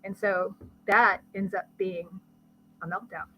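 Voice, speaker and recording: A woman, a guest expert, explaining brain science in conversation with a lively teaching manner and vivid everyday examples. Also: mid-range voice, measured pace, highs cut off, faint music behind. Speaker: guest expert on ADHD and learning.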